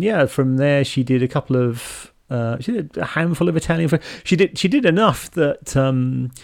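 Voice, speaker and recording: A man co-hosting a casual film podcast, talking in a measured, hedging way with many fillers. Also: mid-range voice, darkish tone.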